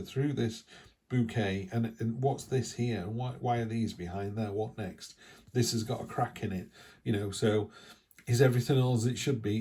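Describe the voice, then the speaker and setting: A middle-aged man giving a casual tarot reading in a chatty, rambling way with animated asides. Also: medium pitch. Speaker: tarot reader.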